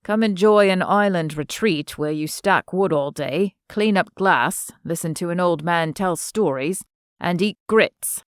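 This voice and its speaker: A woman's voice: fairly low pitch, measured pace, clear, resonant tone, no room sound, studio quality, lightly acted. A woman voicing a teasing young man, the son of an earl for an audiobook.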